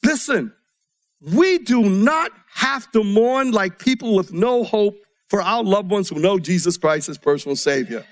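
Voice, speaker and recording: A man preaching a sermon to a congregation, reading scripture aloud, his delivery swinging between soft, quiet passages and rising emphasis. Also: sits high, animated, a little slow.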